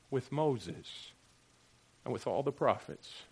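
A man preaching a sermon as pastor, swinging from loud emphatic lines to quiet, joking asides with his congregation. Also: medium pitch, lively intonation, unhurried.

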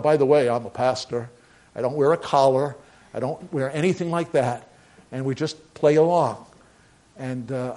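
A man's voice: fairly high pitch, a little mellow. An older man, a pastor, preaching a sermon in a conversational way that rises into emphatic bursts.

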